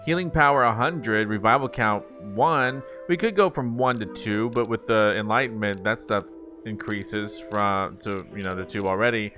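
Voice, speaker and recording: A man's voice: fairly low pitch, moderate pace, bright, forceful tone, faint music behind. A man hosting casual gameplay commentary, chatty and upbeat, thinking aloud as he plays. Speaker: gaming channel host.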